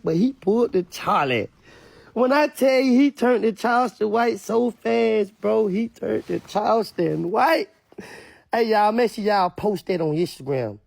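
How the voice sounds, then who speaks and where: Louisiana man, blunt emphatic commentator, husky and gravelly, dry close sound. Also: high voice, a little mellow, no echo. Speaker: online commentator. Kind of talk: casual commentary rant.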